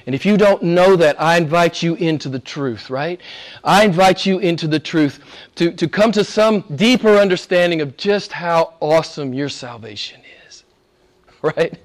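Emphatic preacher, a man with a higher voice. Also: moderate pace. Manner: emphatic, repeats phrases, asks "right?" of the congregation. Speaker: pastor. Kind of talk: sermon. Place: church service.

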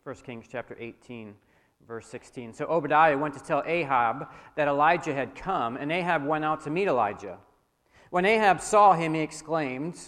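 A man's voice: a little high, lively intonation, normal speed. A male pastor giving a sermon, reading scripture aloud dramatically in a church hall. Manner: dramatic reading, dropping soft for prayer. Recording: long hall reverb.

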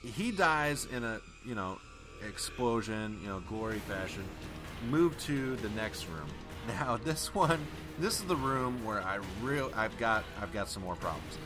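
Lively profane man over background music. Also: lowish voice, a little slow. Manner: animated, profane, laughs often. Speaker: podcast co-host. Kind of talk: casual film discussion. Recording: music playing underneath.

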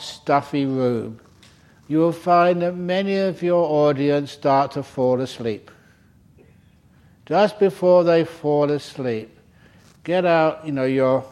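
A man's voice: on the high side, darkish tone. A man voicing a sly senior male monk giving tongue-in-cheek advice, close to his own voice.

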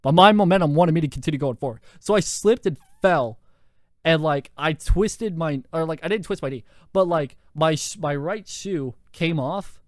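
A young man hosting a podcast, telling a story in a lively, profane way with lots of fillers, into a handheld mic. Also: a little high, moderate pace, dry recording, clean studio sound. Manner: animated, profane, full of fillers. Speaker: podcast host. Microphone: handheld microphone.

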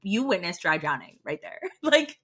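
A young woman co-hosting a podcast, telling stories in an animated way and laughing often. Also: lowish voice, normal speed, a crowd in the background. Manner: animated storytelling, frequent laughter. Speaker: podcast co-host. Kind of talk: casual chat.

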